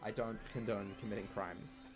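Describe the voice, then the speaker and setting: This is casual live-stream chat during gameplay: a man with a lowish, fairly even voice talks at normal speed over music. His banter with viewers is jokey and meandering, packed with fillers.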